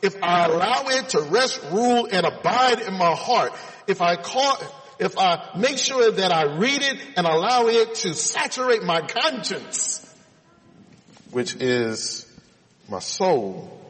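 A man's voice: sits high, very animated, slow pace, fairly bright tone, in a large hall, rough recording. A man preaching a sermon, reading scripture aloud and explaining it, calling his listeners friends.

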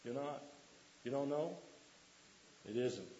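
A man's voice: mid-range voice, slow pace, warm tone, muffled recording, slight background noise. A man preaching a sermon to a congregation, quoting scripture and putting questions to the listeners.

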